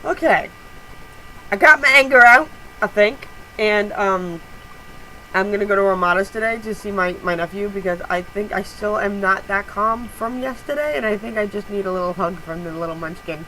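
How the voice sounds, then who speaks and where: A woman vlogging to her regular viewers in an angry, profane rant. Her voice is bright and sharp, and she leans hard on her words. A faint background hum sits under her. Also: mid-range voice, normal speed, rough recording. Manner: heated, profane and emphatic. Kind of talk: casual vlog rant.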